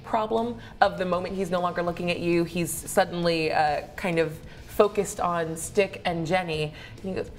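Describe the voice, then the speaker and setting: A woman's voice: lowish voice, fairly even intonation, moderate pace, few pauses, a little hiss or hum. A woman narrating as game master in a loose, chatty way with frequent fillers.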